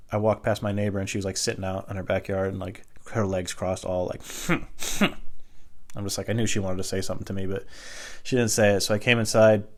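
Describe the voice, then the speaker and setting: A man hosting a solo podcast, ranting in a casual, profane, exasperated way about everyday annoyances. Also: fairly low pitch. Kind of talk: solo comedic rant.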